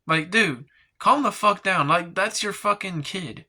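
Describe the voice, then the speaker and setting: A man reviews a film in a loose, unscripted ramble, leaning on "like" and "um" and swearing often. His voice is very bright and cutting, and somewhat high for a man. He talks slowly and sounds fed up. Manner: rambling, heavy filler words, frequent swearing; exasperated, ranting. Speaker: movie reviewer. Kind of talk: casual spoken film review.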